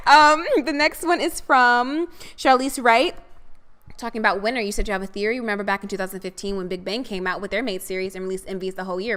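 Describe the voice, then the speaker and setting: A woman's voice: fairly high pitch, pushed and bright. A young woman co-hosting a casual podcast, reading out viewer comments and chatting about them affectionately. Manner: chatty, affectionate, calls listeners "honey". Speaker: podcast co-host.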